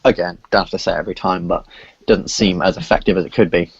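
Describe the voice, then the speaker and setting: Low-ish guy dming a tabletop game, lots of uhs, dull muffled audio. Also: steady tone, gravelly, slightly rough, no room sound. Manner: halting, many filler sounds while describing. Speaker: dungeon master.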